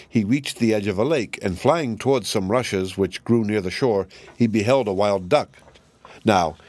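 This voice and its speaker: A man narrating a fairy tale in a measured, even storybook reading. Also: fairly low pitch, no echo.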